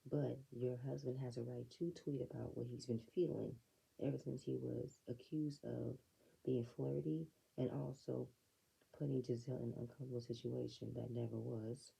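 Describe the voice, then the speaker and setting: Gravelly, dark-voiced woman recapping reality TV. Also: extremely low pitch, flat delivery, normal speed, low-quality recording. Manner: blunt, opinionated, sassy asides. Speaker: reality TV reviewer. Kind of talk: casual recap commentary.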